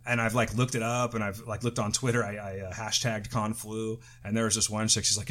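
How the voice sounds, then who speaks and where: A man's voice: fairly low pitch, flat delivery, fairly quick, hardly any pauses, fairly bright tone. A middle-aged man co-hosting a podcast in casual chat, still getting over the flu, talking loosely with swearing and restarts. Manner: loose, profane, rambling with restarts. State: recovering from flu, tired. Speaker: podcast co-host.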